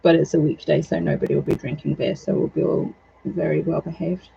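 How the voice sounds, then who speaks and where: A woman's voice: low-pitched, level tone, fairly quick, gravelly, dark tone, husky, dull audio. A woman chatting in a rambling, self-deprecating way while working on a craft project at home. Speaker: doll maker. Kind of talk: casual vlog chat while crafting.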